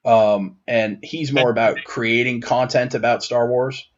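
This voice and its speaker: A man's voice: medium pitch, steady tone, measured pace. A man co-hosting a nerd podcast in loose, rambling chat. He stumbles through restarts and fillers and gets worked up when something bugs him. His audio sounds a little dull and lo-fi. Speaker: podcast co-host. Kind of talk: casual chat.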